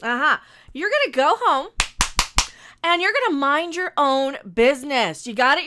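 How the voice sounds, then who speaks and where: A woman's voice: very high voice, sharp tone. A woman streamer ranting sarcastically through a live reaction stream, talking back at the video and sometimes tripping over her words.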